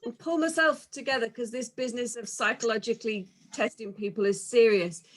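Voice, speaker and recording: A woman's voice: a little high, steady tone, a little fast. A woman hosting an online comedy night over a video call, giggling often and giving jokey introductions. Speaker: compere of an online comedy gig. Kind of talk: comedy compering.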